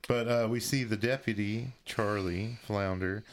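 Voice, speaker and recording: A man's voice: fairly low pitch, steady tone, a little slow, a little hiss or hum. A man recapping a movie in casual podcast chat, full of crude jokes and banter.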